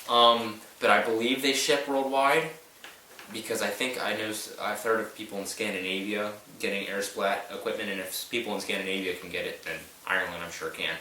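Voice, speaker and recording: Lower-voiced young man explaining gear, echoey. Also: steady tone, brisk, pushed and bright. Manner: explanatory, hesitant with fillers. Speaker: co-host answering fan questions. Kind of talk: casual chat. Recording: echoey room, mic at a distance, faint noise.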